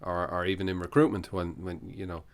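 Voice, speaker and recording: A man's voice: sits low, little pitch movement, a little fast. A man hosting a casual podcast interview, thinking aloud with restarts and short backchannels. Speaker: podcast host.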